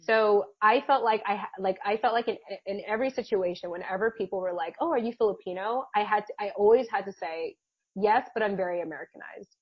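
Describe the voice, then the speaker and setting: A woman's voice: medium pitch, fast talker, breathy edge, dry recording. Chatty woman telling a story, muffled audio. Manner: chatty, laughs often, many fillers and restarts. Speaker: podcast co-host. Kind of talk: casual storytelling chat.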